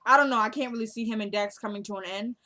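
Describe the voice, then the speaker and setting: A woman's voice: on the high side, racing, sharp tone. A woman giving a casual, chatty recap of a TV episode, speaking straight to her viewers and retelling the dialogue scene by scene. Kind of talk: casual show recap vlog.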